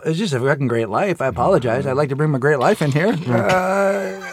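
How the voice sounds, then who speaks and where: A man's voice: a little high, a little fast, over music. A middle-aged man bantering crudely as a guest on a comedy podcast, laughing often. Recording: noticeable background hiss.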